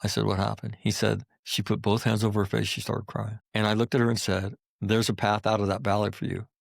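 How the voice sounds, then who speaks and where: Speaking fairly quickly in a fairly low, level voice with some vocal fry, this middle-aged man is a Marine combat veteran recounting stories as a podcast guest. He's blunt and profane and hammers his points with repeated phrases. The audio is dry and studio-clean.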